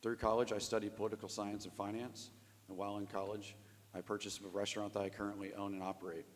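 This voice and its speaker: Hoarse male candidate, 30s, low voice, hall reverb. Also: level tone, fast talker. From Ohio. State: losing his voice. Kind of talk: prepared opening statement.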